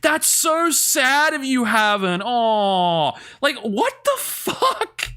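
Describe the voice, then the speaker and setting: A man talking casually on his stream, sarcastic and full of swearing. His bright voice swoops up and down as he talks, and he takes his time with the words. Faint music plays behind him. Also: very high voice, big pitch swings, extremely slow, smooth. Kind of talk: casual reaction commentary on stream.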